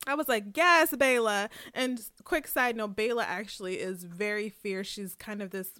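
A woman casually recapping a TV episode for a podcast, animated and laughing often as she tells it. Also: medium pitch, moderate pace, no echo, clean studio sound. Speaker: podcast co-host.

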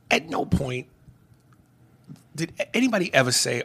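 A man co-hosting a podcast in casual movie chat, profane and animated, slipping into mocking impressions and shouting when riled. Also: medium pitch, a little slow, creaky, long pauses, slightly rough. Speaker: podcast co-host.

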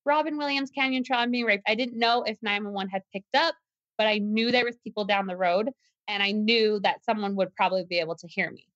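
Woman guest for an interview, bright and sharp in tone, earnest storyteller, slightly dull recording. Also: medium pitch, fairly even intonation, fairly quick, dry recording. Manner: earnest, tense retelling with restarts. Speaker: guest, self-defense teacher. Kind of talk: personal story told in an interview.

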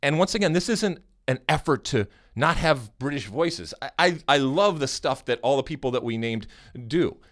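An American man hosting a podcast in casual chat, animated and teasing, often restarting his sentences. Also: medium pitch, normal speed, few pauses. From United States. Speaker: podcast host.

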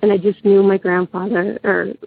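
A woman caller who is sick and raspy, telling a personal story in a steady way with pauses and fillers. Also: mid-range voice, faint music behind. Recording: tinny phone line.

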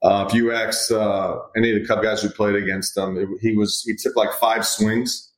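Recorded in an echoey room, a middle-aged man who works as a hitting coach talks at normal speed in a voice on the low side. In this casual interview chat he rambles a little in a relaxed way, telling player stories and voicing the players he quotes.

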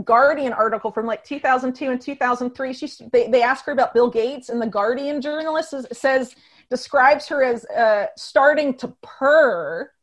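A woman talks through a long tangent in a casual podcast, piling on fillers and restarts. Her voice sits a little high. The delivery is quick and loose. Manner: fast, rambling, filler-heavy storytelling.

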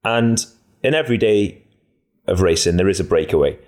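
Male pundit, very deep voice, relaxed rambling delivery with plenty of ums, easygoing podcast chat. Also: moderate pace. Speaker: podcast co-host, cycling pundit.

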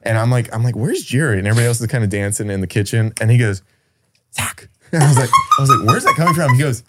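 A man's voice: mid-range voice, huge pitch swings, quick pace, a bit bright, a little hiss or hum. A young man telling a story on a podcast, acting out his friend's lines and laughing often. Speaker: podcast guest. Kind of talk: casual storytelling chat.

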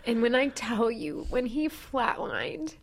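A woman in her thirties, a podcast co-host, candidly retelling a painful personal story with animated quoted dialogue. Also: fairly high pitch, takes it slowly, vocal fry. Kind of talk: personal storytelling in casual chat.

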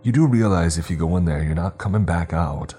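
A man's voice: very deep voice, normal speed, warm tone, soft background music. A man playing a scornful, exasperated teenage boy who talks bluntly and curtly in an audiobook. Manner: scoffing, curt.

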